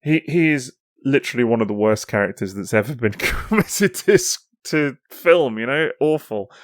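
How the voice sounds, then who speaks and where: Lively laughing podcast co-host man. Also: mid-range voice, moderate pace, dry recording, clean studio sound. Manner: lively, often laughing, jumps in to steer the talk. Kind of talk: casual podcast chat.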